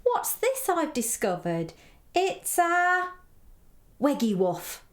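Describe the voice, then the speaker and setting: A woman's voice: high voice, sing-song, takes it slowly, voice pushed up, exaggerated voice. A woman voicing a curious little boy exploring outdoors, inquisitive and delighted with each find, in a read-aloud children's story.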